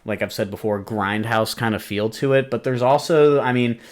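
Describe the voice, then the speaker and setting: A man with a medium-pitched voice talks at a normal speed. He hosts a podcast, meandering through a casual movie review full of fillers, laughter and swearing.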